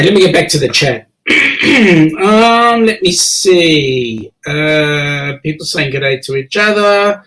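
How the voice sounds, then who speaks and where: A man's voice: a little high, fairly bright tone, rough recording. A man with an Australian accent hosting a casual online chat show, joking and teasing his guests as he reads the chat. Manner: jokey, chatty, teasing guests. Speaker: host.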